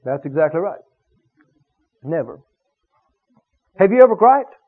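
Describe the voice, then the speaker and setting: High excitable preacher guy, voice swoops all over, sounds like an old tinny radio broadcast. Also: measured pace, slightly rough. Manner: animated, emphatic, stretches key words, chuckles at own jokes. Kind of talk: sermon.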